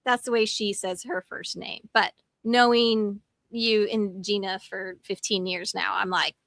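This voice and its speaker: A woman hosting a show, chatting casually with quick asides and easy laughter. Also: mid-range voice, fairly even intonation, vocal fry, a bit bright, no room sound. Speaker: host. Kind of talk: casual chat.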